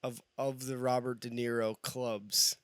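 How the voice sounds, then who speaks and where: A man's voice: mid-range voice, flat delivery, measured pace, fairly bright tone, dry recording. A man co-hosting a casual film podcast, mostly giving short, easygoing replies and questions. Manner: laid-back, brief agreeing replies. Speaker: podcast co-host.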